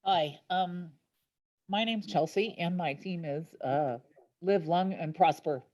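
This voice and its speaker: A woman in her fifties speaks in a fairly low voice over a video call. She is tearful and emotional, stumbling and restarting as she shares her story as a team captain. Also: darkish tone, lo-fi sound. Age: 50s. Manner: halting, with many restarts. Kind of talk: personal testimony on a video call.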